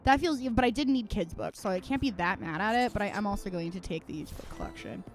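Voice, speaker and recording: A woman's voice: medium pitch, fast. A woman streamer chatting casually at home while she plays, rambling and venting with plenty of swearing. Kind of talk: casual livestream chat while gaming.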